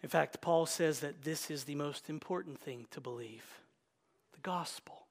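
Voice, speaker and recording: A man preaching an Easter sermon, moving between loud exclamations and hushed whispers. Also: a little high, moderate pace, gravelly. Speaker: pastor. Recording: long reverb of a large hall.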